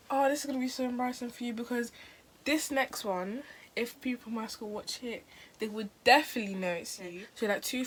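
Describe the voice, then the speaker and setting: A woman's voice: mid-range voice, fairly bright tone, a little hiss or hum. A teenage girl, telling a story to camera in a rambling, chatty way. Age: teens. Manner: rambling and chatty, full of "like" and restarts. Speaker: vlogger. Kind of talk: casual storytime chat.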